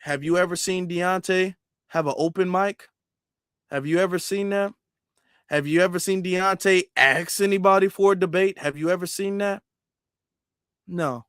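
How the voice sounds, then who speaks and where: A man's voice: sits high, fairly even intonation, normal speed, pauses often, fairly bright tone, clean tone, dry recording, studio quality. A man doing emphatic live-stream commentary, repeating himself and firing rhetorical questions. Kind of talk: live-stream commentary reading super chats.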